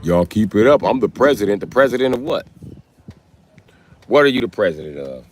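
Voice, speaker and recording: Brief: male livestreamer, profane confrontational rant, low voice, very lively intonation. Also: brisk, slight background noise.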